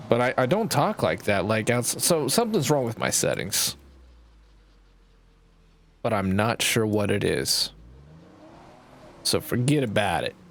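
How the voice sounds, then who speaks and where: A man's voice: fairly low pitch, very animated, unhurried, gravelly, pauses often, fairly bright tone, slight background noise. A man with a Canadian accent and a nasal-sounding voice, rambling and swearing casually through gameplay commentary as a streamer. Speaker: game streamer.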